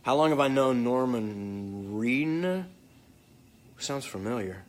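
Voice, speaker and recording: A man's voice: mid-range voice, animated, takes it slowly. A man casually answering fan comments, joking and swearing freely. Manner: joking, profane, off the cuff. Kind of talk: casual live chat.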